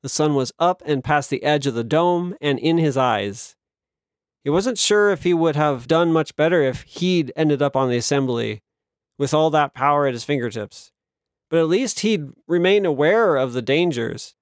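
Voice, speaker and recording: Reading a novel as an audiobook narrator, this man keeps his scripted storytelling steady and measured. His voice leans a little high for a male speaker, captured in a dry, close recording free of room sound.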